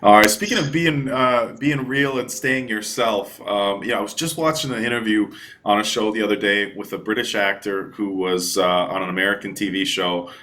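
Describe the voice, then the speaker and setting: A man hosting a casual interview with a fairly low voice. He asks friendly, rambling questions padded with fillers. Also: normal speed, pushed and bright. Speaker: interviewer, host.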